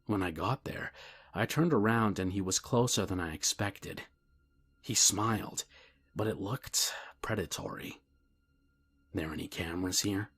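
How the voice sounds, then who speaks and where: Husky low-voiced man narrating a horror story. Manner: calm, measured storytelling, dropping to a hushed whisper for menacing quotes.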